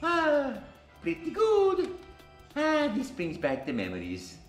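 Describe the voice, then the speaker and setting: High squeaky game plumber voice, super bubbly, swoops all over the place. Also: male voice, wildly swooping pitch, slow pace, soft background music, exaggerated voice. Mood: gleeful. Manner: squeaky, bouncy, Italian-flavored exclamations. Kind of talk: playing a video game character.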